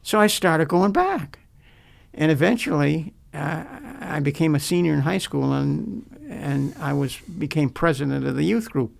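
Older male pastor with a raised, gravelly voice, sharing his personal faith story earnestly with stops and restarts. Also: fairly high pitch, lively intonation. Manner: earnest, halting, repeats words as he recalls.

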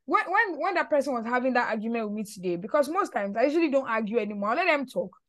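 A high-voiced woman hosts a relaxed conversational podcast, talking in an animated way and circling back over her words as she makes a point. The sound is dry and close, with no room around it. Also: fast talker, no room sound. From Nigeria. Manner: animated, repeats words while building a point. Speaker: podcast host. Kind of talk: casual conversational chat.

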